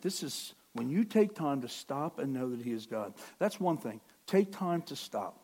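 A middle-aged man preaching a sermon in a conversational way, with asides and restarts, swinging from quiet to near-shouting. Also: medium pitch, expressive, moderate pace, few pauses, slightly rough. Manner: self-correcting, conversational with asides. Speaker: pastor.

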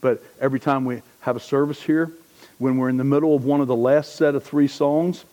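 A man's voice: medium pitch, fairly even intonation, brisk, lo-fi sound. Conversational joking male pastor. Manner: conversational and joking, swings from loud emphasis to hushed asides. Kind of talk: sermon.

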